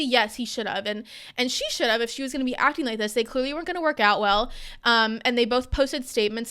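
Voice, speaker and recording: A woman's voice: on the high side, a bit bright, clear, resonant tone. A young woman in her twenties co-hosting a podcast, ranting heatedly in casual chat with lots of fillers. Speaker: podcast co-host.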